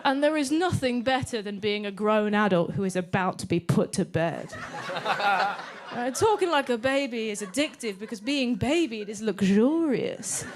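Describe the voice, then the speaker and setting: A woman's voice: medium pitch, lively intonation, moderate pace, slight background noise. A woman doing stand-up crowd work at a comedy club, bantering with the audience and swearing freely.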